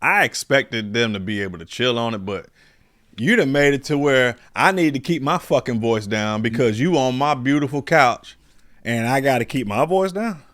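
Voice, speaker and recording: A man co-hosting a podcast, telling a comic story in casual, profane chat and jumping high when he quotes himself. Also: normal speed. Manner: animated, profane, jumps to high pitch when quoting himself. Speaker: podcast co-host.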